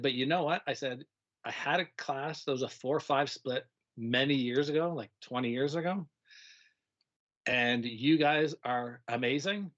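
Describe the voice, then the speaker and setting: A middle-aged man, a retired teacher, telling stories in a casual conversation, animated and laughing often, acting out kids' voices. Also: on the high side, dull audio.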